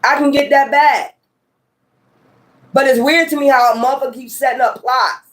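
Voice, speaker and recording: High-voiced woman ranting emphatically. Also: steady tone, normal speed. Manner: emphatic, profane and repetitive. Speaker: tarot reader. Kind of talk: casual ranting monologue.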